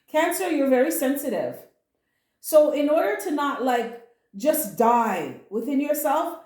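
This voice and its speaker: A woman's voice: high-pitched, a little mellow, roomy sound. A woman giving a casual spoken tarot reading, earnest and comforting, emotional at times and blunt with slang. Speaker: tarot reader.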